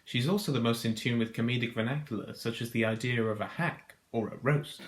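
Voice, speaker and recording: A man narrates a scripted video analysis with a dry, mock-grand deadpan. His voice sits at an everyday middle pitch. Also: fairly quick, faint music behind. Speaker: video host.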